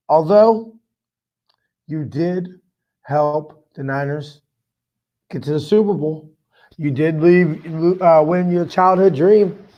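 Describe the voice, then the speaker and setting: A man's voice: a little high, mellow, muffled recording. A man hosting a fan sports podcast, fired up, profane and rambling with lots of "I mean". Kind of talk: casual fan commentary.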